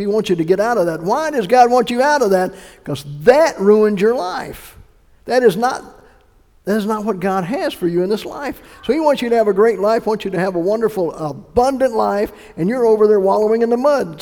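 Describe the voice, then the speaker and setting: A male pastor preaching a sermon, emphatic, swinging between loud bursts and hushed lines. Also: high-pitched, creaky, big-room sound.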